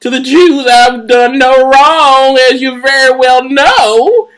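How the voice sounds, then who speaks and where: A man voicing the apostle Paul as a pleading, whiny grown man in a slow, melodramatic reading. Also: very high voice, fairly bright tone, pitched above the performer's own voice, full character voice.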